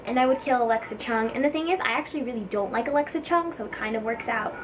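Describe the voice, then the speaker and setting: Young woman, chatty vlog, giggly, self-deprecating, voice a touch high, mic a bit far off. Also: fast talker, background noise. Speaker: vlogger. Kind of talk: casual chat to camera.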